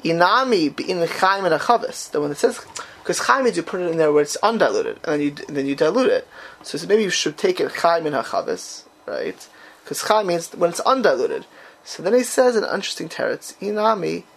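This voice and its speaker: A man's voice: fairly high pitch, wildly swooping pitch, brisk, vocal fry. A man teaching a class on a text, quizzing his students and bursting into dramatic exclamations.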